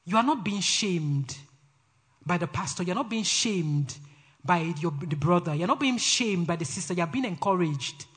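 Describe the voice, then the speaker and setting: A man with a Nigerian accent preaching a sermon in a brash, forceful way. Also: sits high, expressive, moderate pace, breathy edge. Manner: brash, forceful, laughs often between phrases.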